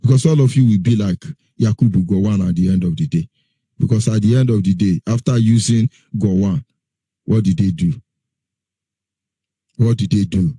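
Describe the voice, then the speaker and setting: Husky-voiced man, radio presenter, emphatic and repetitive, dry close sound. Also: lowish voice, moderate pace, pauses often, dark tone, no echo. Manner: emphatic, repeats rhetorical questions and answers them. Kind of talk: impassioned radio talk.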